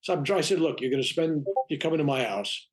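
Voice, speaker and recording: A man's voice: fairly high pitch, animated, fast. An older man, a reverend, telling a long personal story in an interview, acting out the dialogue with frequent restarts. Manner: rambling, acts out quoted dialogue, frequent restarts. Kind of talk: anecdotal storytelling in conversation.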